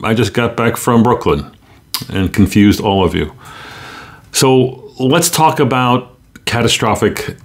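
Chatty man hosting a medical podcast. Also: fairly low pitch. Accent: New York. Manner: chatty, joking asides, frequent ums and uhs. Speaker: podcast host, rheumatologist. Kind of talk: casual medical news podcast.

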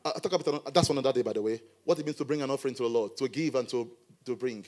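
A middle-aged man preaching a sermon as a pastor in church, animated with playful asides. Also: medium pitch, racing.

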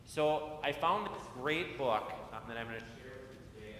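A man's voice: lively intonation, normal speed, fairly bright tone. A man leading a children's message at a church service, talking in a friendly way and asking the children questions. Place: church sanctuary. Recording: echoey church hall, faint rumble.

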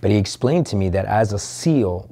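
A man's voice: lowish voice, lively intonation, moderate pace, warm tone. A man telling a candid personal story as an interview guest, earnest and emotional, swearing casually.

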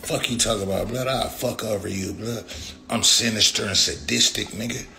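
On a live stream, a rapper who's an adult with young kids launches into a profane, combative rant. His voice sits on the low side with vocal fry and a sharp tone, delivered at normal speed.

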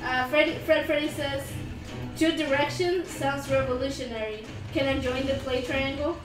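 A high-voiced woman chats casually on a livestream and reads viewer comments aloud, giggling between them. Her voice sounds roomy and echoey, with music playing in the background. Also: steady tone, normal speed, distant mic. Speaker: livestream co-host reading chat. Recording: echoey room with music behind.

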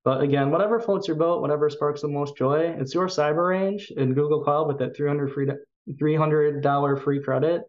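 A man's voice: fairly high pitch, fairly even intonation, moderate pace, a little mellow, lo-fi sound. A man with a Chicago accent giving a recorded tech talk at a conference, speaking with enthusiasm and frequent fillers.

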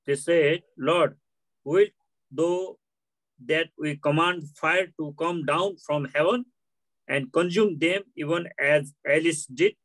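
Male student, native Nepali speaker, slow halting scripture reader, slightly high voice. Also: fairly bright tone, poor audio. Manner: slow halting reading aloud.

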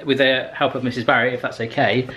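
A man's voice: mid-range voice, flat delivery, fast, sharp tone. A man hosting a casual vlog, chatty and jokey. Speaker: vlog host.

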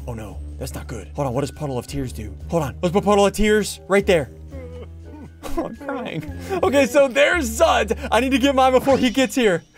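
A man giving excitable, jokey commentary on his own gameplay and saying his moves aloud. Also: high voice. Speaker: gaming YouTuber.

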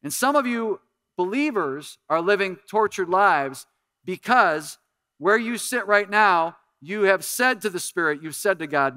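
Male pastor, middle-aged, bright crisp voice, dry close sound, animated preaching with quiet earnest stretches. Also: high-pitched, a little slow, no echo. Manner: animated preaching, dropping to soft earnest appeals. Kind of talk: sermon.

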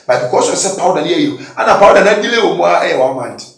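A man giving a candid testimony in an interview, swinging between loud, emphatic bursts and low mutters. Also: big pitch swings, racing, gravelly. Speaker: guest giving a confession testimony. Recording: echoey room, distant mic.

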